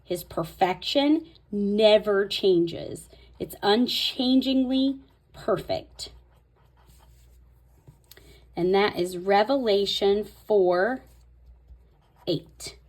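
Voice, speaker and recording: A woman's voice: medium pitch, drawn-out words, long pauses, a little mellow. A woman host talking casually through a Bible tabbing tutorial, thinking aloud as she marks pages. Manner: chatty, thinking aloud while marking her Bible. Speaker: Bible study video host.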